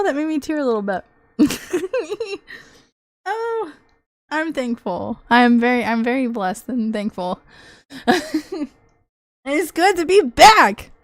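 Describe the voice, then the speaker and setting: Excitable swearing woman livestreamer. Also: on the high side, no room sound. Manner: excitable, swears freely, laughs often. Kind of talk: casual livestream chat.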